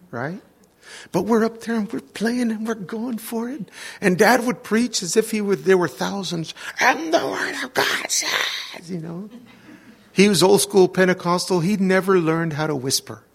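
A middle-aged man preaching, telling an animated personal story in a sermon and acting out the voices of the people in it. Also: high-pitched, vocal fry, breathy edge. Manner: animated anecdotes with quoted voices and laughter.

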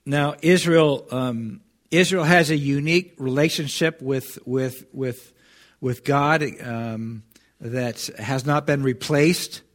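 A man preaching a sermon, reading scripture with rising force and speaking earnestly with many restarts. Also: a little high. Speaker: pastor.

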